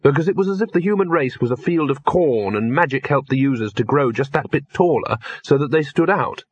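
A husky male narrator reads a fantasy audiobook in a measured, wry way. The recording is dry and dull, with a lo-fi edge. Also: mid-range voice, animated, no room sound.

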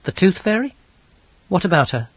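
A stern young woman, voiced by a male narrator, speaks in a clipped, weary, wry way. Her voice is pitched a little higher than his own and sounds husky. The recording is dull. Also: very animated, moderate pace, no room sound, exaggerated voice. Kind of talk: audiobook character voice.

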